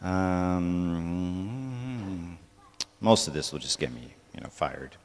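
A man's voice: sits low, slow pace, long reverb tail. A man giving a conversational church talk to a congregation, often checking in with "right?". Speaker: church speaker.

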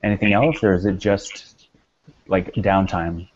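Low voice guy hosting a casual chat, kinda teasing, dull lo-fi audio. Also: fairly even intonation, unhurried. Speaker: podcast host. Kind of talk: casual panel discussion. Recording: dull lo-fi sound.

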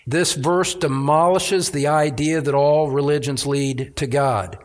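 A man's voice: fairly high pitch, measured pace. A man preaching a sermon as pastor, emphatic, often restarting phrases, addressing a church congregation.

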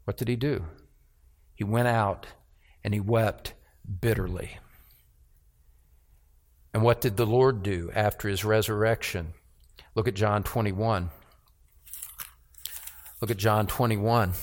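A man's voice: fairly low pitch, slow, long pauses. A man preaching a sermon as pastor, earnest, with repeated words and rhetorical questions.

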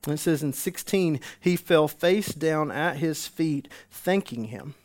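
Lively male preacher acting out a story. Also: fairly high pitch, measured pace. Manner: animated storytelling, acts out the healed man's joy. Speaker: pastor. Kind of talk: sermon.

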